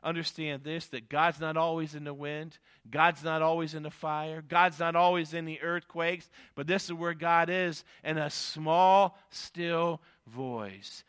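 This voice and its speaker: Male preacher with a clear, high, bright voice, dynamic delivery from hushed to emphatic. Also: level tone, normal speed, few pauses. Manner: dynamic, swings from quiet asides to emphatic raised delivery; reads scripture in archaic phrasing, repeats key lines. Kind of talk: sermon with scripture reading.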